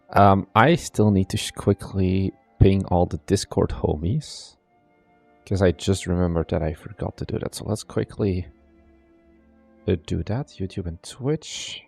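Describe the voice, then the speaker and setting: A man's voice: fairly low pitch, gravelly, mellow, husky. A young man from Belgium with a strained, partly lost voice, chatting casually on a live stream as a game developer, greeting viewers by name and rambling.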